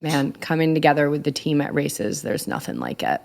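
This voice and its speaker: A woman's voice: deep voice, wildly swooping pitch, normal speed, creaky, darkish tone. A woman co-hosting a podcast in casual chat, curious and upbeat. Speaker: podcast co-host.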